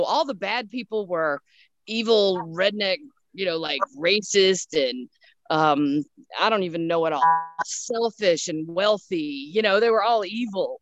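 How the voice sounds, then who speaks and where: A middle-aged woman hosting a casual family chat, animated and laughing often. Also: mid-range voice, no room sound, lo-fi sound. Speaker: host.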